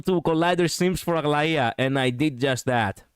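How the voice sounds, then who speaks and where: A man's voice: a little high, normal speed, clean tone, no echo, studio quality. A man streaming, reacting to a show in loose, joking, rambling chat.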